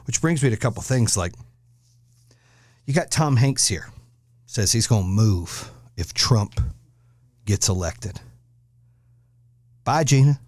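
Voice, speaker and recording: Foul-mouthed ranting podcast host, dry sound. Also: male voice, lowish voice, lively intonation, takes it slowly, pauses often, a little mellow, no echo. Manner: blunt, aggressive, swears constantly. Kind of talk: profane ranting monologue.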